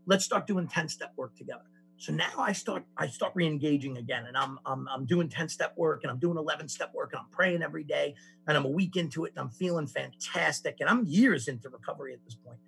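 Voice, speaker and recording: Very husky, gravelly man telling his story. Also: on the high side, quick pace. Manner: animated storytelling with restarts. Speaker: speaker sharing a recovery story. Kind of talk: personal testimony to a group.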